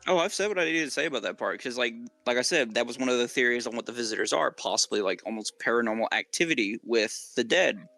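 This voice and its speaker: A man's voice: medium pitch, lively intonation, quick pace, few pauses, bright, forceful tone, no room sound. Southern US man, casual co-host, rambling filler-heavy delivery over faint music. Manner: rambling, many fillers and restarts. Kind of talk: casual gaming lore chat.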